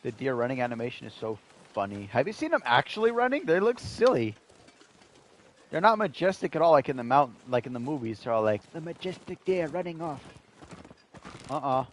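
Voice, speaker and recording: A man's voice: mid-range voice, fairly quick, slight background noise. A man in his twenties giving joking live commentary while playing a survival game, talking to his chat. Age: 20s. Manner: animated, joking, talks to chat. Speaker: streamer.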